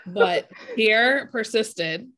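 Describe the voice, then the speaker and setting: A woman's voice: on the high side, extremely slow, fairly bright tone, rough recording. A woman co-hosting a podcast in casual chat, adding wry, jokey remarks. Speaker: podcast co-host.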